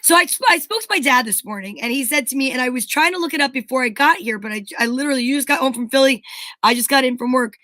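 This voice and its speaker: A woman co-hosting a casual sports talk show, gossipy and hesitant, filling pauses with "like". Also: high-pitched, bright, forceful tone, no room sound. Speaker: co-host. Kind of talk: casual chat.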